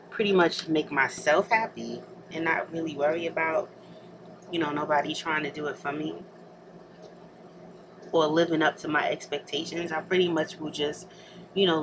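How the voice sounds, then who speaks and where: A young adult woman vlogging casually while she gets ready at home, rambling and laughing often. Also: low voice. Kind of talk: casual chat to camera. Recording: noticeable background hiss.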